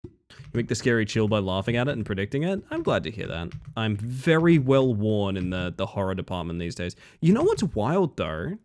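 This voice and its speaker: A man's voice: on the low side, a little fast. A tired man chatting casually with his viewers while streaming a game. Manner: relaxed, chatty, talks to chat between runs. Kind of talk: casual gameplay commentary.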